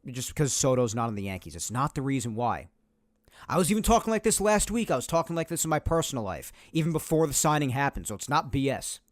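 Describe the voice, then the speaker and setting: A man's voice: mid-range voice, no echo, clean studio sound. Emphatic man ranting on a sports podcast. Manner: emphatic, argumentative, repeats points. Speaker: podcast host. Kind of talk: opinionated solo sports talk.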